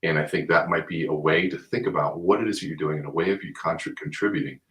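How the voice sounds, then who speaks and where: A man's voice: very deep voice, a bit bright, poor audio. A man being interviewed on a live video call, telling stories with energy and giving earnest, urging advice. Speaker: guest speaker on mindset.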